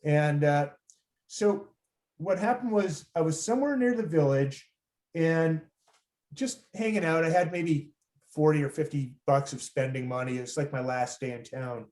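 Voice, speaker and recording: A man's voice: on the high side, normal speed, darkish tone. Rambling storyteller man from Los Angeles. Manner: rambling, many fillers and restarts. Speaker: storytelling show host. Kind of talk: live personal storytelling. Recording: roomy echo.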